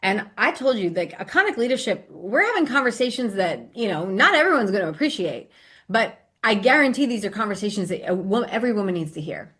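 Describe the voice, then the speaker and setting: A woman's voice: mid-range voice, sing-song, fairly quick, fairly bright tone. A middle-aged woman hosting an interview podcast, effusive, enthusiastic and motivational in casual chat. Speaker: podcast host and coach.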